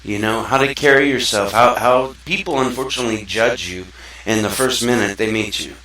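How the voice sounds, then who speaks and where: A man's voice: lowish voice, fairly quick, sharp tone. A man from Mississippi hosting his own show, talking in an earnest, rambling, conversational way. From South Mississippi, USA. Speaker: show host. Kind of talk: casual talk-show monologue. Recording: echoey room, far from the mic.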